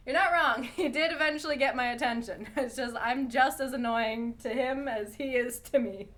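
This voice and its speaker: A woman's voice: high-pitched, animated, takes it slowly, long pauses, fairly bright tone. A woman streaming a game from home, chatting playfully, laughing often and cooing at her cat. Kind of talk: casual livestream gameplay chat.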